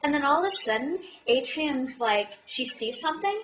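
A chatty woman retelling a fantasy novel with lots of fillers, as if among friends. Her voice is high and bright, and it sounds echoey from a mic set well back in the room. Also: lively intonation, moderate pace, far from the mic. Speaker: podcast co-host. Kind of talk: comic book-club recap.

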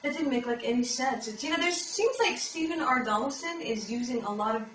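A breezy woman chatting about a book with a lot of "like". Her voice is high and swoops up and down, and it echoes in a room from a mic set well back. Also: animated, brisk, fairly bright tone, far from the mic. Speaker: podcast co-host. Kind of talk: comic book-club chat.

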